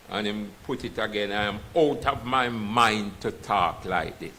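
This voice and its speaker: A man's voice: fairly low pitch, big pitch swings, moderate pace, few pauses, sharp tone, low-quality recording. A man with a Jamaican accent preaching a sermon and reading scripture aloud, slipping into patois and asking his listeners if they understand. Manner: slips into patois, asks the congregation "you understand?". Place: church.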